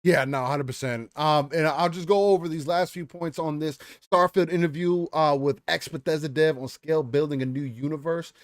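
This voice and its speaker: A man's voice: fairly high pitch, fairly even intonation, normal speed, hardly any pauses, no echo, clean studio sound. A man co-hosting a casual gaming podcast, talking loosely and hyped, with casual swearing. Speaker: podcast co-host.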